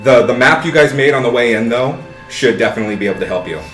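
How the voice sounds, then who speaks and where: Animated swearing game master man. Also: medium pitch, quick pace. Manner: profane, animated storytelling. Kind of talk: narrating a tabletop game. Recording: echoey room with background music.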